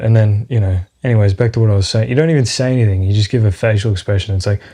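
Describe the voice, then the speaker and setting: Male podcast host, low dark voice, rambling and foul-mouthed, solo monologue. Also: quick pace. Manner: rambling, profane, sidetracked, with many fillers.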